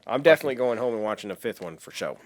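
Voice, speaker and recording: Lively, jokey man in casual chat. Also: on the low side, rapid-fire. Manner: animated, jokey, swears casually, laughs easily. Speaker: podcast co-host. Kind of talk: casual chat about a fantasy series.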